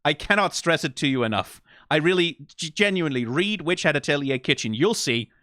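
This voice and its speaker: Bright animated man reacting to anime. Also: on the high side, brisk, no echo, studio quality. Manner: animated, repeats "right?", laughs often, swears. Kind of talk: casual reaction commentary.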